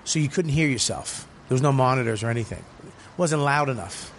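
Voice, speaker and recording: A man, a comedian hosting a podcast, telling a story in casual, profane, animated chat from a cigar lounge. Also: mid-range voice, brisk, a little hiss or hum. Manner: profane, animated, acts out quoted people. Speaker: podcast host.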